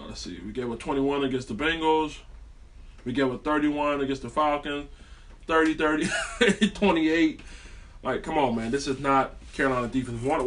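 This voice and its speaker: A man's voice: medium pitch, a bit bright, recorded from a distance. A man delivering a heated, profane, rambling sports rant as a fan vlogger.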